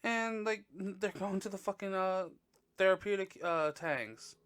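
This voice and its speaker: A man hosting a podcast and reviewing a movie in casual chat, blunt, profane and gossipy, with sudden high exclamations. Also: unhurried, fairly bright tone, clear, resonant tone, no room sound, clean studio sound. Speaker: podcast host.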